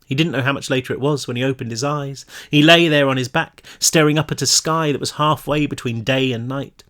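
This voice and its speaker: Male author reading his own novel, mid-range voice, emotional read-through that climbs in pitch when tense. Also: a little fast, fairly bright tone. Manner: emotional, voice rising and breaking in tense passages. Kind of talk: audiobook-style reading.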